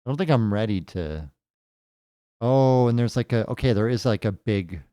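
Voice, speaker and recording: A man's voice: on the low side, animated, moderate pace, dark tone, dry recording, clean studio sound. A man casually commentating as he plays a game for the first time, thinking aloud with jokey asides. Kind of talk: casual let's-play commentary.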